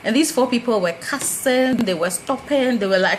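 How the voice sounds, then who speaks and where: A Ghanaian woman vlogging casually, telling a personal story and acting out quoted exchanges with lively jumps in her voice. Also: brisk, slight background noise, poor audio. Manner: animated, acts out quoted dialogue with big pitch jumps.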